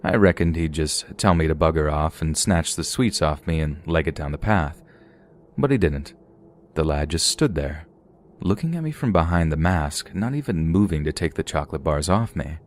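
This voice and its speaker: A man with an extremely deep, low voice narrates a scripted first-person horror story. He tells it in a steady, even way and draws out the tense parts.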